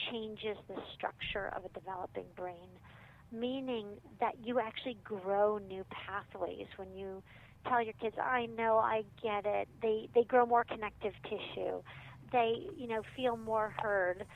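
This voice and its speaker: A woman, a parenting author, chatting casually in an interview and acting out what parents and kids say. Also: mid-range voice. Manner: animated, acts out quoted parents and kids. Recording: phone-line audio with faint noise.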